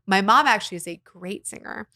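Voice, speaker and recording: A woman guest, a voice teacher and arts nonprofit founder, talking in a casual interview in an animated, expressive way with frequent laughter. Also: mid-range voice, brisk, dry recording, clean studio sound.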